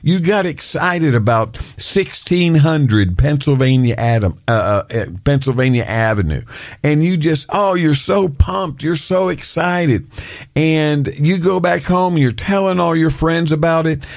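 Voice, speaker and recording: Gravelly-voiced American podcast host ranting. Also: male voice, a little high, unhurried, no echo, studio quality. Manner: animated, excitable ranting about rules. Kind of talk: solo podcast monologue with live viewers.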